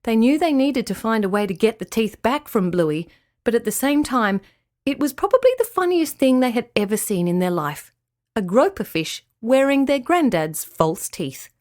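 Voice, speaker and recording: Gentle woman reading a story. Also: a little high, moderate pace. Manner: gentle, expressive read-aloud.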